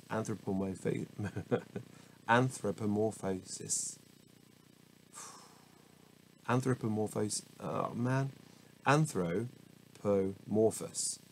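A man's voice: lowish voice, gravelly, a little hiss or hum, rough recording. A man reading dictionary entries aloud at home, often stumbling over hard words, correcting himself and laughing at his own mistakes. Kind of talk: casual unscripted reading with asides. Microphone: small camera mic.

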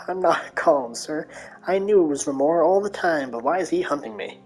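A woman's voice: sits low, animated, normal speed, a little mellow, husky, soft background music. A woman voicing a frightened young girl who speaks in an anxious, pleading manner.

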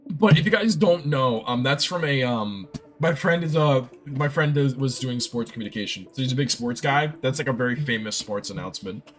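A young man live-streaming a game, chatting casually and telling rambling, excitable stories. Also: medium pitch, fairly quick, soft background music.

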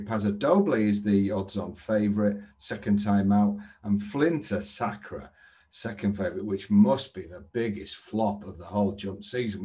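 A man hosting a daily horse racing tips update from an indoor trading room, brisk and salesy, chatty between tips. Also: medium pitch, a little mellow.

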